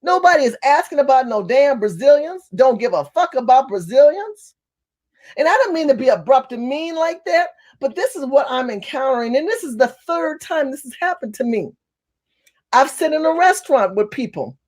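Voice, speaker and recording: High-voiced woman ranting to camera. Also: moderate pace. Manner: animated, emphatic storytelling with cursing. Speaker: vlogger. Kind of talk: casual rant to camera. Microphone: phone or camera facing her.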